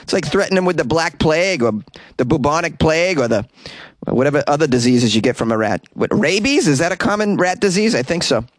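A man's voice: a little high, animated, fast, dry recording. Rambling comedic man from Boston. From Boston, USA. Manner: rambling, joking, digressive. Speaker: podcast host. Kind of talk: comedic news commentary. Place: small closet.

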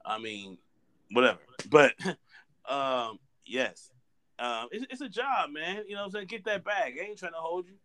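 A man's voice: a little high, expressive, unhurried, fairly bright tone. A man co-hosting a casual podcast chat, telling loose, crude, joking stories. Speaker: podcast co-host.

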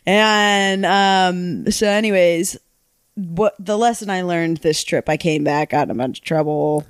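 A woman telling a lively personal story in casual chat, acting out the people she quotes. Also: lowish voice, unhurried, clean tone, no echo. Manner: animated, acts out quotes in other voices. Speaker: podcast guest.

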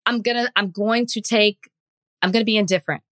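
A woman's voice: medium pitch, fairly even intonation, brisk, fairly bright tone, dry recording. A woman co-hosting a podcast, talking in casual chat and laying out her view step by step. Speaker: podcast co-host.

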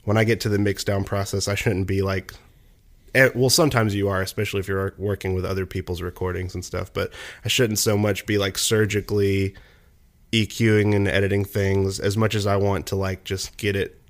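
A young man with a lowish voice rambles casually, piling on fillers and false starts. He talks like a home musician who produces his own tracks. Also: little pitch movement, brisk. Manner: rambling, many fillers and restarts. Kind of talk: casual conversation.

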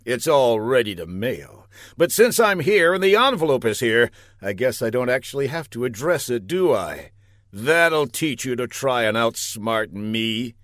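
A man's voice: medium pitch, very animated, measured pace, fairly bright tone, no room sound, clean studio sound. A man voicing a boastful, dim-witted male spy courier who quips smugly and triumphantly.

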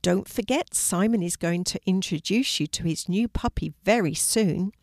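A woman's voice: on the low side, normal speed, dry recording, studio quality, lightly acted. A woman doing a kindly encouraging teacher. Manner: warm, encouraging. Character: kind female schoolteacher, adult, encouraging.

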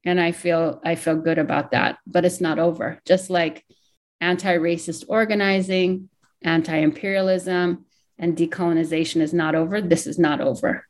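A woman's voice: on the low side, steady tone, normal speed. Candid, emotional woman author. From Hawaii. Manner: candid, emotional, thinks aloud. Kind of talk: interview, reflective talk.

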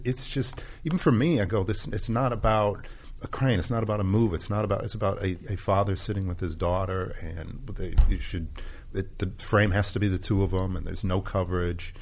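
A man's voice: fairly low pitch, fast, slight background noise. A man, a director, reflecting in casual chat, rambling with many restarts.

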